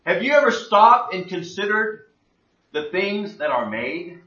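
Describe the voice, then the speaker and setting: Male Bible teacher, high, bright, plain-spoken; roomy, distant, lo-fi sound. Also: big pitch swings, a little slow. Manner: plain-spoken, asks rhetorical questions. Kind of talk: conversational sermon. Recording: echoey room, distant mic, dull lo-fi.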